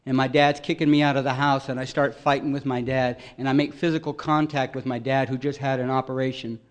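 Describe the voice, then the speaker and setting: A man's voice: medium pitch, little pitch movement, a little fast, clean tone. Earnest man sharing his recovery story. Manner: earnest, emotional storytelling, voice swelling loud at peaks. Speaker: recovery meeting speaker. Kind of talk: personal recovery testimony.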